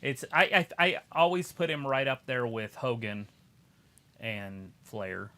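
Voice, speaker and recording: A man's voice: medium pitch, fairly even intonation, takes it slowly, pushed and bright. A man co-hosting a wrestling watch-along, talking casually and sharing his wrestling opinions. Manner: laid-back, chimes in with wrestling opinions. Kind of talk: casual chat and match commentary.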